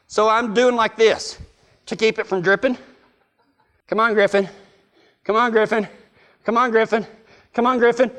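A man's voice: extremely high pitch, bright, forceful tone. A middle-aged man, a preacher telling a folksy, self-mocking story to his listeners. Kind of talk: storytelling sermon.

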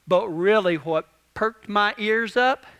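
Young male preacher, twenties; high, bright voice; animated, repetitive storytelling. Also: takes it slowly, smooth. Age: 20s. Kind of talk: storytelling sermon.

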